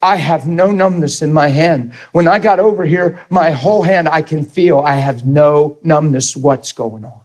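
A man's voice: a little high, unhurried, few pauses, a little mellow, close to an everyday voice. A man voicing a nervous, skeptical man who is emotional and frightened. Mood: freaked out. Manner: frightened, emotional, voice breaking upward.

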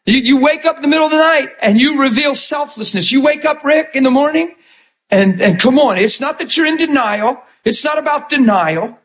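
A man preaching as a pastor, animated and playful, acting out other people's voices as he talks. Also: extremely high pitch, moderate pace, poor audio. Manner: animated, acts out quoted voices. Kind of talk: lively sermon.

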